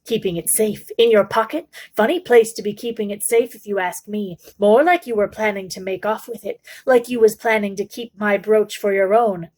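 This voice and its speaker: A woman's voice: medium pitch, normal speed, hardly any pauses, darkish tone, lightly acted. A woman voicing a greedy, sour old male shopkeeper who mutters and grumbles. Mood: wheedling.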